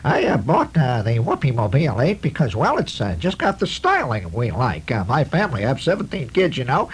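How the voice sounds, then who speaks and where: A man's voice: medium pitch, wildly swooping pitch, husky, heavily acted, low-quality recording. Nasal ad lady, as a man puts her on. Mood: gushing. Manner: rambling, halting testimonial. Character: chatty middle-aged woman in a car ad with a nasal voice.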